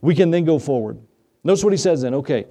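A man preaching a sermon as pastor, emphatic, repeating key phrases and asking rhetorical questions, moving between raised passages and quiet asides. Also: fairly high pitch, expressive, fast talker.

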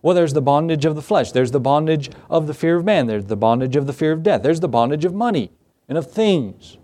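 A man's voice: fairly high pitch, expressive, brisk, dark tone. A male pastor preaching a sermon in a conversational way, with rhetorical questions and repeated phrases.

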